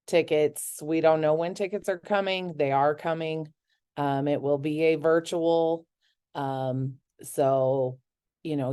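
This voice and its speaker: A woman's voice: low-pitched, warm tone, clean tone. A woman hosting a casual chat, speaking in a supportive, informal way. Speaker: host.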